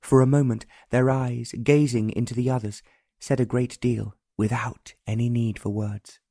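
A male narrator reading a romance audiobook in an even, unhurried way. His voice is mellow and warm at a medium pitch, recorded dry and close with no room sound. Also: no echo. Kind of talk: scripted narration.

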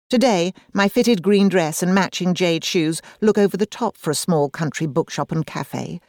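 A woman's voice: on the low side, darkish tone, no echo, clean studio sound. A woman, reading a first-person audiobook in a wry, self-deprecating, conversational manner. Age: 40s. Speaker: audiobook narrator.

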